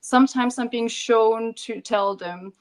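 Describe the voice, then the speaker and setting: A woman guest on a podcast, a leadership coach, telling a personal story in an earnest, gentle way with some restarts. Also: on the high side, measured pace. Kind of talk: storytelling in conversation.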